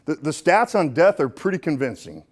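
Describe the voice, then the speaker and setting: A middle-aged man giving a live motivational keynote on stage, folksy and joking, swinging between punchy lines and hushed ones. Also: on the high side, very animated, normal speed. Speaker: motivational speaker. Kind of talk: live keynote speech to an audience. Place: stage in front of a live audience.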